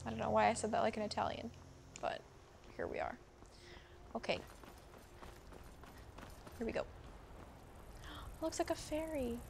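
Playing a video game for the first time, this young woman keeps up a bubbly, chatty commentary full of exclamations. Her voice is a little high, with fairly even intonation, vocal fry and a moderate pace, and she pauses often. Game music runs in the background.

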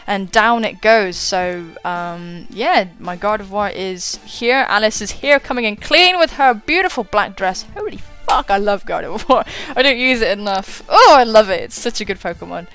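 A woman's voice: medium pitch, lively intonation, normal speed, hardly any pauses, a bit bright, faint music behind. A young woman giving casual, chatty commentary on a game battle, swearing and mocking her own moves. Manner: chatty, self-mocking, swears and laughs often. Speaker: gaming YouTuber.

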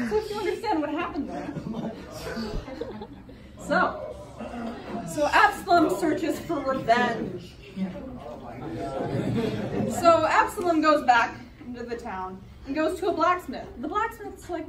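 A woman's voice: high-pitched, animated, measured pace, pauses often, fairly bright tone, echoey room, distant mic, a little hiss or hum. A young woman student giving a chatty, giggly class presentation in a classroom. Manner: chatty, giggly retelling with fillers.

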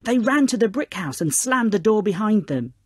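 A woman narrating a children's storybook in a lively, expressive reading. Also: medium pitch, moderate pace, husky, dry recording, studio quality.

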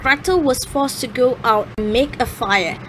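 A woman with a high voice reads a fairy tale aloud at an unhurried pace. Her reading is careful and a little halting, and a faint hiss sits under the recording. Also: a bit bright, poor audio. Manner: careful, slightly halting reading with small slips. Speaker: storyteller.

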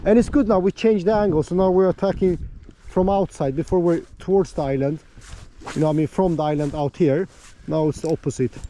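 Hyped high-voiced man fishing from a boat. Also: fairly quick, mellow, rough recording. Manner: hyped, playful, chatty to viewers. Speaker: fishing vlogger. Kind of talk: excited on-the-water commentary. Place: small boat on open water outdoors. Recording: outdoor boat noise behind voice. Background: water and boat noise.

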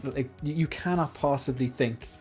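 A man's voice: medium pitch, normal speed, a little mellow, faint music behind. A man hosting a casual livestream panel, chatty and jokey, rambling with frequent restarts. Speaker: livestream host.

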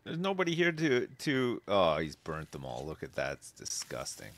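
A man giving casual, wry commentary while playing a life-sim game, laughing often and swinging between amused outbursts and low mutters. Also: wildly swooping pitch, normal speed, a bit bright.

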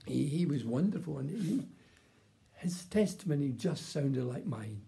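Gravelly older man giving testimony. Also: a little high, sing-song, measured pace, dark tone. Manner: plain, earnest storytelling with restarts. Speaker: testimony speaker. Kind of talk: personal testimony.

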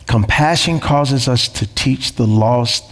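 A man's voice: medium pitch, slow pace, a bit bright, in a large hall. A man preaching a sermon as pastor, emphatic, repeating phrases and asking rhetorical questions.

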